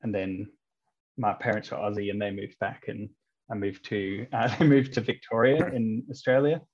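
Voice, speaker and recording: Chuckling English-born comedian, dull sound. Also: male voice, fairly low pitch, fairly even intonation, moderate pace, darkish tone. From England. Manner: rambling, lots of ums and chuckles. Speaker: comedian and street performer, guest. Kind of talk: casual podcast chat.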